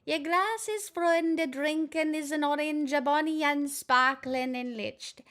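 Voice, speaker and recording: A woman putting on a thick Scottish accent as a soothing relaxation guide, in a slow, lilting, hammy delivery. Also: high voice, dark tone, pitched above the performer's own voice.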